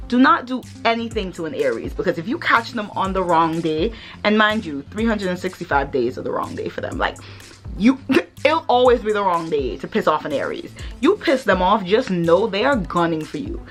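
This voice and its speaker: Sassy, blunt woman vlogger with a lively voice. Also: mid-range voice, normal speed, soft background music. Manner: blunt, sassy, swears freely. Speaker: vlogger host. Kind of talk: casual vlog chat.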